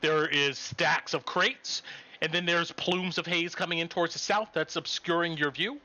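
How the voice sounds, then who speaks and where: Guy running a tabletop game, bright forceful voice kinda high, measured descriptions with lots of ums. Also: steady tone. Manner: measured descriptive narration with fillers. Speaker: game master.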